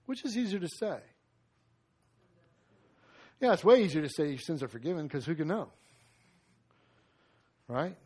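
A man preaching a sermon, retelling a scripture story in a lively, conversational way and acting out the lines. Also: on the high side, moderate pace, long pauses, breathy edge.

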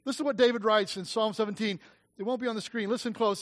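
Male pastor, high-pitched voice, passionate sermon, loud emphatic bursts then hushed asides, repetitive rhetorical questions, church setting. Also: steady tone, fast talker. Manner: impassioned, swings from loud emphatic peaks to quiet intimate asides; repeats phrases for emphasis, asks the congregation questions.

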